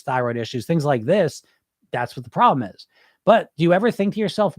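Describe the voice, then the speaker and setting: A live podcast host reads through stream chat in a somewhat high, darkish voice, captured dry with clean studio sound. His delivery to listeners is blunt and emphatic, and he repeats things to drive them home.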